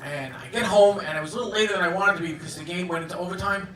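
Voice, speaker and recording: A man in his fifties doing a stand-up comedy set on a club stage, with a halting, deadpan delivery full of fillers. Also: high voice. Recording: roomy club sound, audience recording from a distance.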